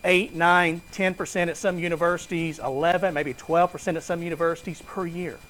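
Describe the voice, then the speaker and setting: A man lectures a classroom in a relaxed, conversational way, quizzing the room and tossing in jokes. His voice sits a touch higher than most men's. A faint hiss hangs under the recording. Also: fairly quick, low-quality recording. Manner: conversational, asks students questions and jokes. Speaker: finance lecturer.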